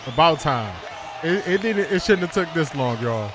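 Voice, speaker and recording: A man's voice: fairly high pitch, animated, moderate pace, music in the background, a crowd in the background. A man reacting live to a boxing match at a watch party, exasperated, laughing, and repeating himself. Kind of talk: live fight reaction commentary.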